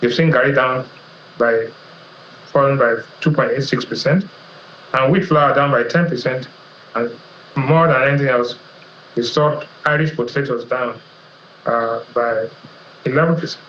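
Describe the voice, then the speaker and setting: A man's voice: mid-range voice, fairly even intonation, fairly bright tone, slight background noise. Nigerian man laying out price figures. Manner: measured, explanatory, lists figures. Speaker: economist guest. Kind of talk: economic analysis interview. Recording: roomy, slightly dull TV audio.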